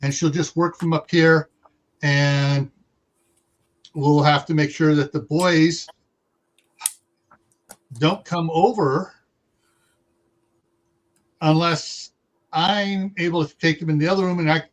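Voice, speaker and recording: A man's voice: on the high side, fairly even intonation, takes it slowly, long pauses. A middle-aged man hosting a casual livestream chat, laughing often and reading out viewer comments. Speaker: host.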